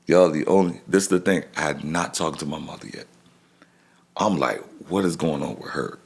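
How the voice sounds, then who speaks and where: With a rough, crackly, deep voice, a middle-aged man tells a podcast about something that happened to him. He often stops and restarts his halting phrases and plays the parts of the people in the story.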